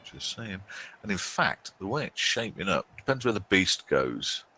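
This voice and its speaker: A man with a low but bright, forceful voice hosts a casual game commentary. He jokes and chats loosely, often restarting his sentences as he thinks aloud about the match. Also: sing-song, normal speed, slightly rough, low-quality recording. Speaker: host.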